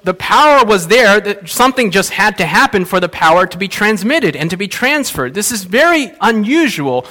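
A male pastor preaching a sermon, telling a Bible story in an animated way and acting out the characters. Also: high voice, moderate pace, few pauses.

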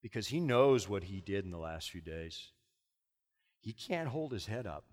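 A man's voice: lowish voice, very animated, moderate pace, in a large hall. A middle-aged man preaching a sermon with dramatic, impassioned storytelling.

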